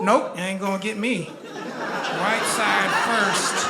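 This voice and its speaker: Male stand-up comic, animated, slips into character voices; roomy live venue, noisy crowd. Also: sits high, measured pace. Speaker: stand-up comedian. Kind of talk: stand-up comedy set. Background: loud audience laughter.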